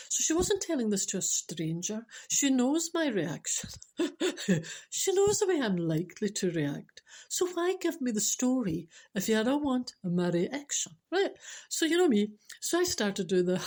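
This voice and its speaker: A middle-aged Scottish woman tells a funny everyday anecdote, her voice sitting at an ordinary middle pitch. She talks in an animated, exclamatory way and jumps into little acted-out quotes. It comes across as warm-hearted spiritual storytelling. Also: normal speed. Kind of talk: humorous anecdote told to a listener.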